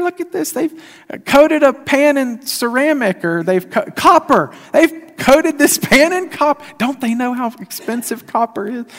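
Man preaching in a reverberant space. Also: on the high side. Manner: conversational, animated, laughs at himself. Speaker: pastor. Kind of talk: sermon.

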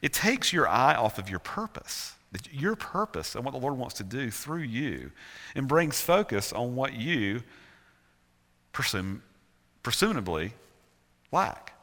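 A man's voice: mid-range voice, sing-song, a little slow, fairly bright tone. A male pastor with a Southern US accent preaching a sermon earnestly, with emphatic repetition. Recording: reverberant church hall.

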